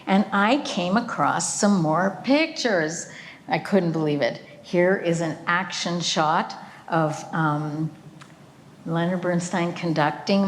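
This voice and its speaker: An older woman, a cellist and guest speaker, telling a personal story with slides at a remembrance event, unhurried and earnest with occasional fillers. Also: sits low, slight background noise. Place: event venue.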